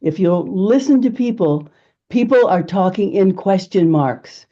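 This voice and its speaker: A woman giving a lively, emphatic networking pitch as a presentation skills coach, laughing often. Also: a little slow, lo-fi sound.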